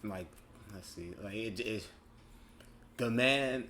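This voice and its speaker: On his own show, a late-twenties host reflects in a relaxed, meandering way, often revising what he just said as he thinks. His voice is fairly low, pushed, and bright, his pace slow, with faint noise in the background.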